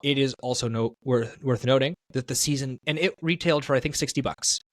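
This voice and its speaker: A man's voice: medium pitch, fairly quick, no room sound. A man co-hosting a podcast in casual talk, rambling and correcting himself as he thinks aloud. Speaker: podcast co-host.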